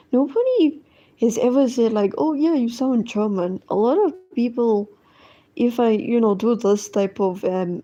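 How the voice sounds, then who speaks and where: A woman streamer chats casually while she draws, her medium-pitched voice sounding mellow in a muffled recording. She rambles along with lots of fillers and lets her thoughts trail off.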